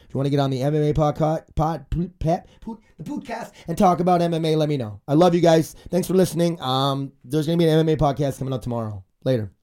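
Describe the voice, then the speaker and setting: A mellow, slightly high voice races along at a quick pace with hardly any pauses. The speaker, a man in his 40s hosting a casual podcast, rambles, rants, and curses, his nose stuffed up and congested from a cold.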